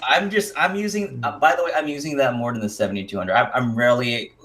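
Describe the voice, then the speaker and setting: A man's voice: mid-range voice, quick pace, fairly bright tone. Easygoing man hosting a live stream. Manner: easygoing, laughs often, stumbles over names. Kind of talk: casual live-stream chat, reading viewer comments.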